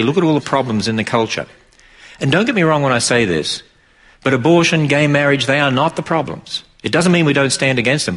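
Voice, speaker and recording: A man's voice: fairly low pitch, a bit bright. A middle-aged man with an Australian accent preaching to an audience in an emphatic, driving way. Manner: emphatic, rises sharply for mocking quotes. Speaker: Christian speaker.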